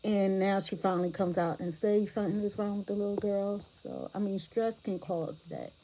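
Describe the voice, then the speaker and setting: A woman hosting a livestream reaction commentary, animated and exclamatory, talking straight to her viewers from a phone or tablet. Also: medium pitch, normal speed, poor audio. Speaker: commentary host.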